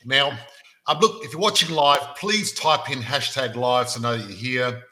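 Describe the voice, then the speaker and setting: Bright-voiced podcast host. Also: male voice, mid-range voice, moderate pace, low-quality recording. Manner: jokey, animated storytelling. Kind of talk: casual podcast chat.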